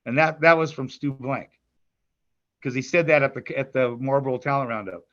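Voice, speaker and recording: A man's voice: medium pitch, moderate pace, fairly bright tone, lo-fi sound. An older man, a grandfather and musician, chatting in an interview, rambling with restarts and stammers. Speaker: musician guest. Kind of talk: casual interview chat.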